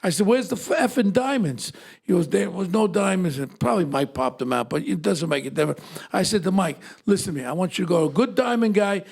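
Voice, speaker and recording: Older New man, podcast co-host. Lively yarn-spinner, high and gravelly. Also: quick pace. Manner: animated storyteller, acts out quoted voices. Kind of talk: casual storytelling chat.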